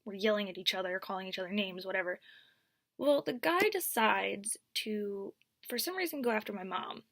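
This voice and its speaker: Animated young woman telling a story. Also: medium pitch, moderate pace, dry recording, studio quality. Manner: animated, swings from whispers to near-shouts. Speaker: vlogger. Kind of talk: storytime vlog.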